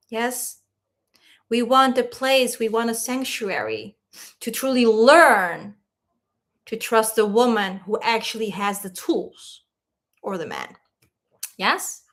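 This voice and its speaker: A woman's voice: on the high side, fairly bright tone. A woman hosting a spiritual livestream, talking in a heartfelt, rambling way, reading the chat aloud and fighting back tears. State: tearful. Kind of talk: emotional livestream talk.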